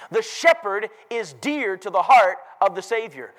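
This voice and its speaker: A man preaching a sermon, emphatic and rising to loud declarations. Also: high-pitched, expressive, moderate pace, hardly any pauses, rough recording.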